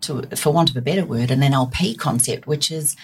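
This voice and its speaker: A woman, a guest on a podcast, explaining ideas through lively personal stories. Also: rumbling low, a little fast, slight background noise. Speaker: NLP practitioner guest. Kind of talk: podcast conversation.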